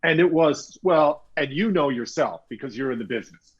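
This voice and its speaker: Middle-aged interview guest from Canada, husky, spins anecdotes with acted-out quotes. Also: male voice, on the high side, normal speed, muffled recording. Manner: animated anecdotes with quoted voices. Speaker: guest author. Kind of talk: storytelling interview talk.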